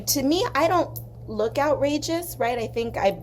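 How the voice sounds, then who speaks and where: Young cali woman rambling a funny story while coloring, lively, does little voices, faint room noise. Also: a little high, moderate pace, long pauses. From southern California. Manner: chatty, animated, acts out quoted voices. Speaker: art channel host.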